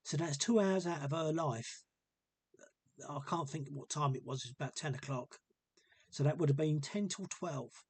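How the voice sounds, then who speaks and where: Husky-voiced man rambling earnestly. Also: on the high side, normal speed, no echo. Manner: rambling, repeats himself, earnest. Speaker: vlogger telling a personal story. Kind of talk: casual storytelling monologue.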